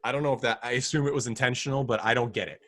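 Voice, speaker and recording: Speaking very fast in a steady, mid-range voice with a slightly bright edge, a man co-hosts a film podcast. His casual review chat rambles, and he keeps interrupting and restarting himself while tossing in wry asides.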